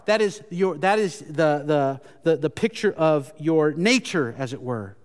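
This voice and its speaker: A man's voice: a little high, lively intonation, unhurried, few pauses. A man preaching a sermon as pastor, earnest and emphatic, often restarting his phrases. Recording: long hall reverb.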